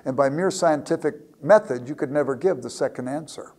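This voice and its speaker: A man's voice: a little high, expressive, normal speed, few pauses, warm tone. A man giving a lecture, telling a classroom anecdote and often repeating words as he starts a thought. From United States. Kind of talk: storytelling lecture.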